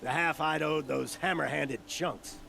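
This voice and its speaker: An actor voicing a gruff, greedy male gambler in a video game, grumbling sardonically. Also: on the high side, steady tone, unhurried, bright, forceful tone, heavily acted. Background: game music.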